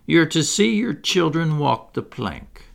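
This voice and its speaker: A man reads as a sneering, pompous pirate captain from a storybook, loud and commanding. The voice swings widely and keeps a gravelly edge as he bellows orders and gloats over his captives. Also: very animated, moderate pace, full character voice. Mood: gloating, syrupy. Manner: booming, gloating, theatrical. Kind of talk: audiobook character reading.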